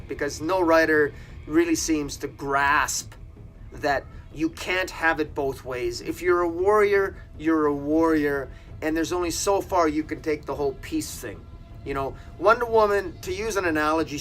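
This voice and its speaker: Male comic reviewer, slightly high voice, critical and exasperated, plenty of ums and false starts, faint music underneath. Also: fairly bright tone. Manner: critical, exasperated, many fillers and restarts. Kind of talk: casual video review.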